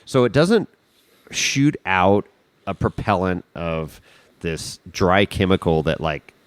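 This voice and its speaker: A low-voiced man telling a story as a podcast guest, swinging his pitch up and down as he acts out each moment. He swears freely and keeps it loose and lively. The sound is close and dry, with no room around it. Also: takes it slowly, no echo. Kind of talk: casual storytelling.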